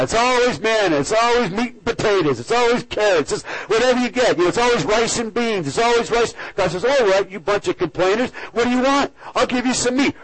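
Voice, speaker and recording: A man preaching a sermon as a pastor, swinging between loud exhortation and hushed near-whispers. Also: high-pitched, rough recording. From United States.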